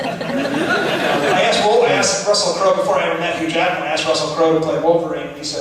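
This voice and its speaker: A film director answering audience questions in a chatty, laughing way at a festival Q&A. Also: male voice, on the high side, animated, moderate pace. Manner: chatty, laughing asides, restarts. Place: large hall with audience. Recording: echoey hall from far off, audience noise.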